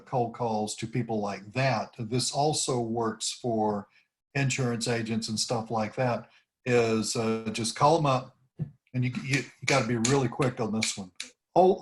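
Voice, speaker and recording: Man, team leader on a video call, loose rambling delivery, mid-pitched voice. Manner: rambling, demonstrates phrases with rising intonation. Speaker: team leader coaching cold calls. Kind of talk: informal team meeting talk.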